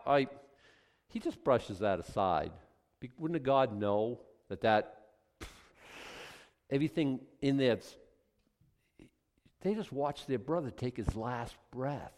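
A man preaching a sermon, acting out little scenes and swinging between loud outbursts and hushed asides. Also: mid-range voice, very animated, a little slow, long pauses. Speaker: pastor.

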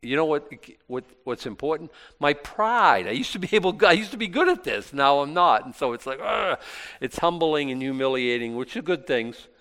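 A man's voice: fairly high pitch, big pitch swings, brisk, hardly any pauses, sharp tone. A male pastor giving an informal Bible talk, chatty and self-deprecating, with many restarts. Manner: conversational, rambling with many restarts; self-deprecating and lightly joking.

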